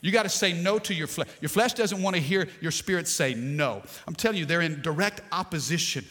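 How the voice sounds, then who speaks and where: Preaching pastor in an echoing hall. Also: male voice, on the high side, expressive, fairly quick, a bit bright. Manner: preachy call-and-response, playful asides. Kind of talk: sermon. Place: church sanctuary. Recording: long hall reverb.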